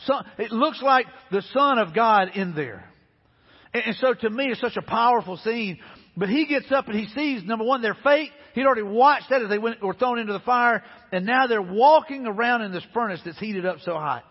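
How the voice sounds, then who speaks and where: Husky high-voiced preacher. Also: male voice, animated, normal speed, big-room sound, lo-fi sound. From Alabama, US. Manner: earnest, repetitive, conversational preaching. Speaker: pastor. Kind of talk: sermon. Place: church sanctuary.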